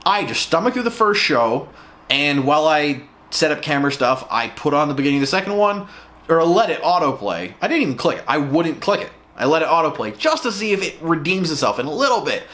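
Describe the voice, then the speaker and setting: A man's voice: a little high, very animated, fairly quick, fairly bright tone. Exasperated man ranting in a review. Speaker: show reviewer.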